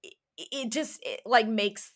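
A woman's voice: on the high side, animated, slow. A woman talking in a casual chat, rambling and emphatic with many restarts.

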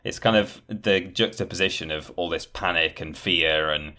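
A man's voice: a bass voice, steady tone, moderate pace, few pauses, bright, forceful tone. A man in casual podcast chat, rambling with many fillers and acting out quoted lines. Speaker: podcast guest discussing game trailers.

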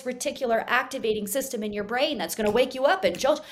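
A woman hypnotherapist, a guest on a studio podcast, explaining her work in an animated, teaching manner, swinging her loudness up and down to make points. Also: mid-range voice, fairly quick, hardly any pauses. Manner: animated, explanatory, shifts volume to demonstrate.

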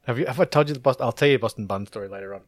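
A man's voice: medium pitch, racing, no room sound. A man, co-hosting a podcast in casual chat and rambling through laughing anecdotes. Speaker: podcast co-host.

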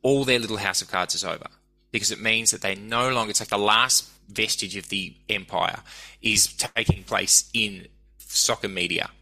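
Bright, sharp-edged Australian man. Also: on the low side, moderate pace, poor audio. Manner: animated, ranting, swears freely. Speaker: guest, comedian and broadcaster. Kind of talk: casual interview chat.

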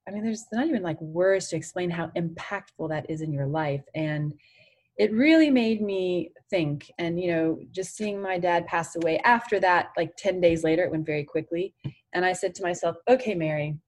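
A woman's voice: fairly low pitch, moderate pace, darkish tone. A woman in her forties, a guest on an interview podcast, speaking earnestly and from the heart with many "you know"s. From France. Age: 40s. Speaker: interview guest, former tennis champion.

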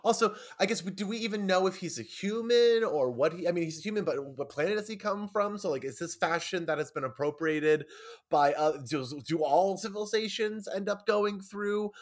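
A man's voice: high voice, a little fast. A man co-hosting a podcast, recapping a TV episode in rambling, playful casual chat. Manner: rambling, lots of "like" and restarts, playful. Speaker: podcast co-host.

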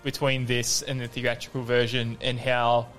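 A man's voice: mid-range voice, monotone, moderate pace, a bit bright, faint music behind. A man, co-hosting a casual podcast, laughing often and explaining plot points earnestly. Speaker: podcast co-host.

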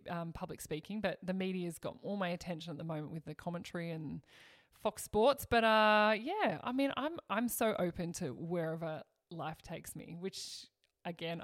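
A woman's voice: on the low side, no echo, clean studio sound. A woman, a former athlete, speaking reflectively and openly as a podcast guest. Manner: reflective, open, laughs now and then. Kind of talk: interview conversation.

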